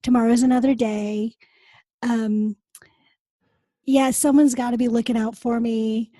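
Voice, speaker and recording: High-voiced woman hosting a podcast. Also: steady tone, unhurried, dark tone, dry recording. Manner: earnest, addresses listeners directly. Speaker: podcast host. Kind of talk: casual podcast conversation.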